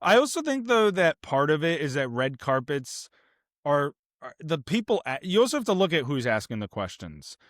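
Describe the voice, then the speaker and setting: A man's voice: fairly high pitch, sing-song, normal speed, fairly bright tone, no echo, clean studio sound. A man co-hosting a casual film podcast, talking in an earnest, opinionated way with plenty of fillers and restarts. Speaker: podcast co-host.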